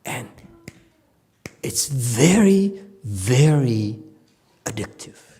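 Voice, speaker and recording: A man teaching a Buddhist lecture at an unhurried, deliberate pace. His voice sits in the middle of the male range. He is playful and laughs often, swinging between bright exclaims and soft, hushed asides. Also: mid-range voice, expressive, slightly rough. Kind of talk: Dharma lecture. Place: temple lecture hall.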